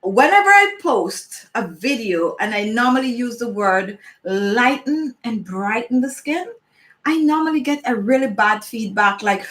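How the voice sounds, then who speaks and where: A woman's voice: on the high side, lively intonation, measured pace, fairly bright tone, roomy sound. A woman from Jamaica with a Jamaican accent, hosting a beauty channel and chatting live with viewers in a playful, emphatic way. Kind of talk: live chat answering viewers.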